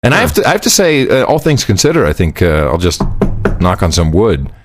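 A man's voice: low-pitched, huge pitch swings, fairly quick, noisy background. A man co-hosting a podcast while on the road, telling a rambling story in casual chat. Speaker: podcast co-host. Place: on the road, far from home studio.

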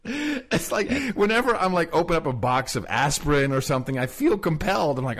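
Lively, animated male podcast co-host. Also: on the high side, moderate pace. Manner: laughs easily, lively chatty delivery. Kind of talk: casual podcast banter.

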